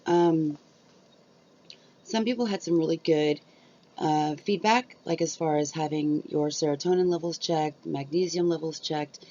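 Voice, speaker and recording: Speaking in a low, mellow voice at a slightly slow pace, a middle-aged woman talks loosely to her YouTube viewers from her home, full of filler words. Her cheap built-in camera mic leaves the audio dull and lo-fi.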